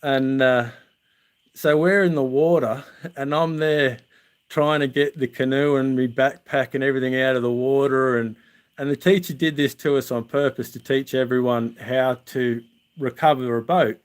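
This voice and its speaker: An Australian man speaks casually to his viewers from outdoors. He tells long, rambling stories full of fillers and restarts, at an everyday middle pitch. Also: fairly even intonation, normal speed, clean tone. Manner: rambling, chatty, with many restarts and "uh". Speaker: vlogger.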